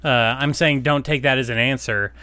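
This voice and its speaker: A man's voice: mid-range voice, steady tone, moderate pace, bright, forceful tone, no room sound. A man co-hosting a podcast who answers a quiz, joking and swearing casually with lots of fillers. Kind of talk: casual chat.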